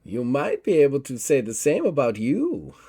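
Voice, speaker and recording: A man's voice: medium pitch, wildly swooping pitch, normal speed, creaky, warm tone, husky, full character voice. A man voicing a genteel, frumpy old man who speaks in a sly, courtly way during a tabletop game. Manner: courtly, teasing. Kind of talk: tabletop role-play voice acting.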